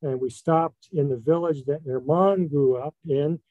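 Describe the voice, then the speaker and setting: Relaxed man telling a travel story. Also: fairly high pitch, unhurried, no room sound, narrow, tinny audio. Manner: relaxed storytelling with frequent fillers. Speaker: guest speaker. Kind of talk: casual slide talk.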